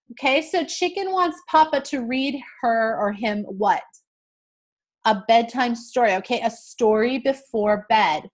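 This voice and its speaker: A woman teacher slowly reading a picture book with young learners, explaining words and checking in often with "okay?". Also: fairly high pitch. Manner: slow, clear, checks in with frequent "okay?".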